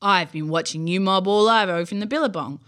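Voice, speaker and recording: A woman voicing a shaggy, gentle, clumsy bunyip swamp creature in a bedtime story. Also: brisk, close to an everyday voice. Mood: sheepish. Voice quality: deep voice.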